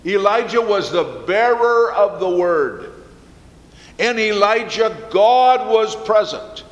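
A man preaching a sermon, earnest and slow, repeating key phrases for emphasis. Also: high-pitched, lively intonation. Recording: echoey hall with long reverb.

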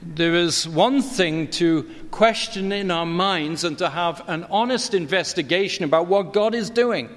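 A middle-aged man preaching a sermon, earnest and expository, his pitch climbing when he presses a point. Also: unhurried, hardly any pauses, fairly bright tone. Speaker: pastor. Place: church. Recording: long church reverb.

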